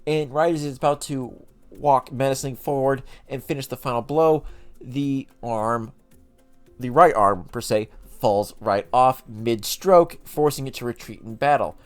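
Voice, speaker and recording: Chatty man recapping lore, rambling. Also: mid-range voice. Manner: rambling, chatty, self-correcting. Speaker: lore channel host.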